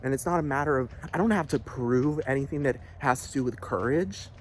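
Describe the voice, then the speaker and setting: This vlogger's medium-pitched voice runs a little fast through a heated, profane, repetitive rant. Agitated, he keeps asking "do you understand." A little hiss or hum is audible.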